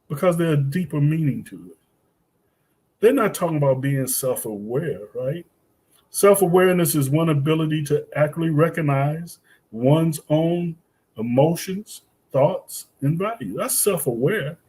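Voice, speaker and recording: A man's voice: fairly high pitch, expressive, a little slow, darkish tone, breathy edge. A man in his sixties hosting a reflective podcast, a former ethics teacher who asks rhetorical questions and acts out his classroom exchanges. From United States. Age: 60s.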